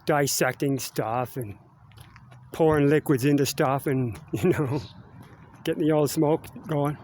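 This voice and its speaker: Unhurried and fairly high-pitched with a darkish tone, a middle-aged man with a Canadian accent vlogs as he walks outdoors around school grounds. He chats in a rambling way, ending phrases with "eh?", and there's slight background noise.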